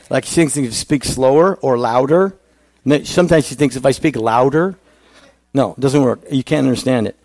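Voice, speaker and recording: A man's voice: mid-range voice, normal speed, darkish tone, no room sound. A male pastor giving a conversational sermon, asking the congregation questions.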